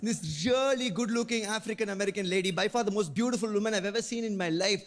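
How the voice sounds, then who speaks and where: A young man with an Indian English accent performs stand-up comedy at a quick pace, with a fairly high voice. He tells his stories in an animated way and acts out the dialogue. The venue leaves a long reverb tail over faint ambience. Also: slight background noise.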